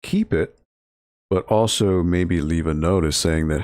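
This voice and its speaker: A man hosting a relaxed library game stream, talking to viewers in a low-energy, monotone way with frequent restarts. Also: a little slow, no echo, studio quality. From Connecticut, US. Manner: restarts and filler words. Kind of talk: casual chat with stream viewers.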